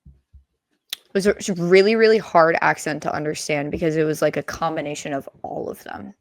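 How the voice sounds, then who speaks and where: Laid-back young woman, lowish voice. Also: normal speed, no room sound. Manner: laid-back, filler-heavy. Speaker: podcast co-host. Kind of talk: casual chat.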